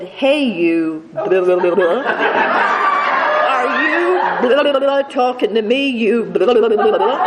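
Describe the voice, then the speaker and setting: An older woman speaking to a recovery meeting, telling a humorous personal story with a slight stutter and many restarts. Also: a little high. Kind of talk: personal story told to a live audience. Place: meeting hall with an audience laughing. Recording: reverberant hall with faint noise.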